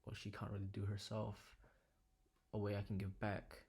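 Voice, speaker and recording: A young man speaks low and earnestly in a home living room, keeping his voice down and at times slipping into a whisper. His voice is deep, gravelly and a little husky, and it stays on a fairly flat pitch. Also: normal speed. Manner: quiet, low-key and earnest, sometimes dropping to a whisper. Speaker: vlogger. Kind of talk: reflective personal vlog.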